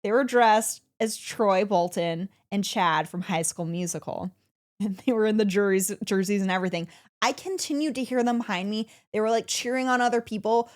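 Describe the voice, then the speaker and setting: A woman co-hosting a casual podcast, telling a story with excitement and laughing often. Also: mid-range voice, normal speed. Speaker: podcast co-host.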